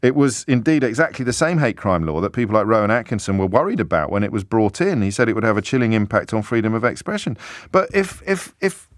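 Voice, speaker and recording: A man's voice: lowish voice, big pitch swings, fast, few pauses, dry recording, clean studio sound. A man hosting a radio phone-in, musing aloud in a conversational, self-deprecating way with many stammered restarts. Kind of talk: talk radio monologue. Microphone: studio microphone.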